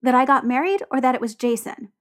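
Brash joker of a young guy, read by a woman; mocking and quick to snap. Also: sits high, lively intonation, voice pushed up. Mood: angry. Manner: theatrical, mocking, then snapping. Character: brash teasing young man, hot-tempered.

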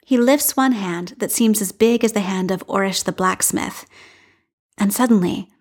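A woman reading a fan fiction story aloud in a calm, measured narration. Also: medium pitch, slightly rough. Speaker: reader.

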